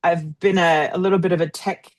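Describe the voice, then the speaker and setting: A woman in her fifties from New York telling her story as a guest on a podcast, in an upbeat, lively way. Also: lowish voice, fairly quick. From New York, of Puerto Rican roots. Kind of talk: casual interview.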